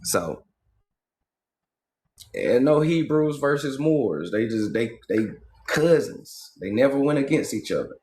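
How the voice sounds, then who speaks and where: A man from Georgia, holding forth in a casual livestream monologue, animated and full of profane slang. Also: mid-range voice, slow, long pauses. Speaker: livestream host.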